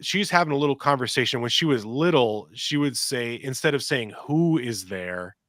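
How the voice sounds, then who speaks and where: A man's voice: medium pitch, brisk, no echo. Middle-aged guy rambling through a story on a podcast, dry close mic. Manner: rambling, animated, acts out quotes and sounds. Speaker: podcast co-host. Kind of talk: casual storytelling chat.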